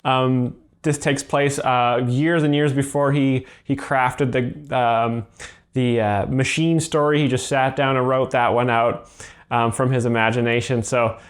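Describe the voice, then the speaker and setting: A man hosting as a joke explainer, speaking in a deadpan, earnest way that over-explains every joke. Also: medium pitch, a little slow. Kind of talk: deadpan commentary.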